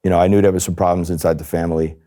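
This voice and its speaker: A man's voice: deep voice, very fast. A middle-aged man from New Jersey, a former undercover agent, telling his story in an interview and acting out the voices of the people he quotes. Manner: animated, acts out quoted voices.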